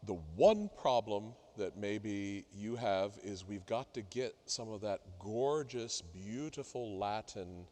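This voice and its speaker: A middle-aged man coaching a singer in a masterclass, talking haltingly with many fillers and sung demonstrations. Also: fairly low pitch, mellow. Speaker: vocal coach leading a masterclass. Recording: reverberant hall.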